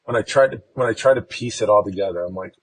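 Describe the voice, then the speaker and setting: Low gravelly man telling a story. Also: fast, rough recording. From Chicago. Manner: easygoing, rambling storyteller. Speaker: podcast guest. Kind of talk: casual personal storytelling.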